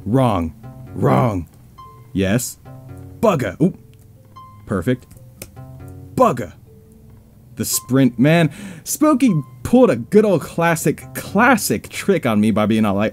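Lively, jokey man narrating a game. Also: medium pitch, moderate pace, faint music behind. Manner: playful, jokey, mock-scared, talks to himself. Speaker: let's play gamer. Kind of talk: video game playthrough commentary.

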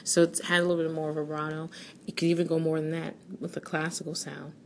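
A woman's voice: low voice, level tone, quick pace, a little hiss or hum. A woman vocal coach talking through singing technique in a loose, explanatory way, often restarting her sentences. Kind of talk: casual spoken voice lesson.

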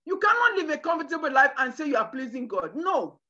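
A woman preacher delivering a sermon with emphatic, shouted bursts. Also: high voice, very animated, brisk, muffled recording. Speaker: preacher at a women's conference.

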